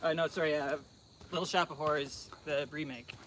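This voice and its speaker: A man bantering in dry, deadpan quips on a hike, heard faint and distant from the mic. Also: fairly high pitch, fairly quick, a crowd in the background. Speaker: host's friend. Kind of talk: casual banter. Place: outdoors on a hike.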